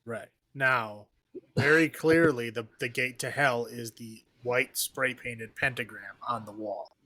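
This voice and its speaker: A man's voice: mid-range voice, unhurried, pushed and bright, no echo. A man co-hosting a podcast, dropping dry sarcastic asides about a movie in casual chat. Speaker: podcast co-host.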